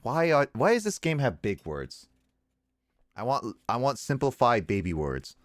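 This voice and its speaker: Speaking unhurriedly at a medium pitch, a man streams a video game, keeping up jokey, animated chatter and reading the dialogue aloud. The clean studio audio has no echo.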